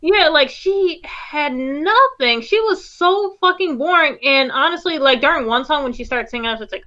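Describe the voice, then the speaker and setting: A woman's voice: sits high, expressive, moderate pace, few pauses, sharp tone, highs cut off. A woman co-hosting a casual movie review chat, blunt and profane in her complaints. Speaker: co-host.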